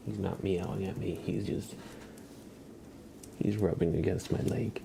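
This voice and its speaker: A man hosting a live ASMR stream from home, speaking softly and playfully into a close mic. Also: low-pitched, fairly even intonation, a little slow, creaky, long pauses, noisy background. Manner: soft-spoken, chatty, playful. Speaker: ASMR livestream host. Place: at home with his cat.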